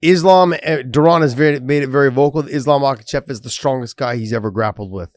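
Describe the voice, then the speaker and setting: A man's voice: mid-range voice, fast, no room sound. A man co-hosting a sports podcast in loose, casual chat, swearing freely. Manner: loose, swears casually, reads sponsor promo. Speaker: podcast co-host.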